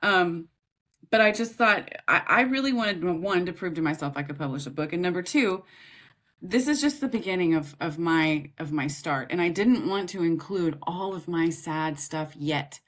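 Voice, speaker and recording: Lowish voiced woman talking about her book, really open and emotional, laughs a lot. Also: expressive, moderate pace, fairly bright tone. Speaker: podcast guest, author and grief coach. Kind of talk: candid conversational storytelling.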